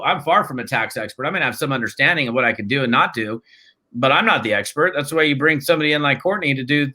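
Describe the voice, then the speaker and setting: A man in his fifties, a network marketing trainer talking as an interview guest, telling stories in an energetic, casual, slangy way with frequent restarts. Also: medium pitch. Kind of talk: conversational interview storytelling.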